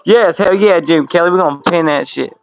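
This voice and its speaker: A man's voice: a little high, brisk, gravelly, faint music behind, low-quality recording. A man in his thirties hosting a casual livestream from home, swearing and laughing through loose banter. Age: 30s. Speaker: livestream host. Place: home room with window air conditioner.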